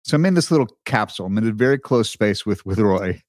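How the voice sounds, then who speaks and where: A man co-hosting a podcast, telling a story in casual chat with an animated, storytelling manner. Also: fairly low pitch, fast talker, no echo, clean studio sound. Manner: animated storyteller, lively delivery. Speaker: podcast co-host.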